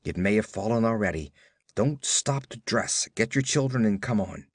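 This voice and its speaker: A man voicing a young frontier settler who urgently shouts warnings and gives orders. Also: on the low side, animated, moderate pace, no echo, studio quality.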